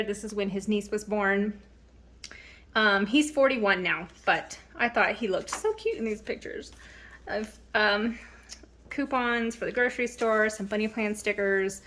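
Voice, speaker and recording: A woman in her thirties, a planner vlogger, chats casually at home as she shows off her planner. Her voice is mid-range and fairly bright, she sounds slightly out of breath, and she rambles a little with ums and restarts.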